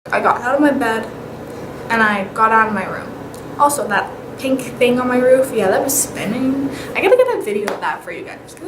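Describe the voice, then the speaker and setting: A young woman vlogger telling paranormal stories in a casual, animated way. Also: a little high, moderate pace. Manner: chatty, animated, with whispered asides. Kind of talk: casual storytelling. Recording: echoey room with clear background noise.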